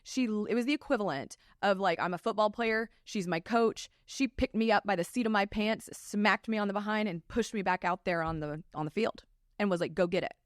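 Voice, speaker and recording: A woman in her thirties, a family law attorney and co-host, telling personal stories in a casual, animated way, full of "like" and "um". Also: mid-range voice, brisk, no echo, studio quality. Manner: animated, frequent "like" and "um" fillers. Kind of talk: casual podcast storytelling.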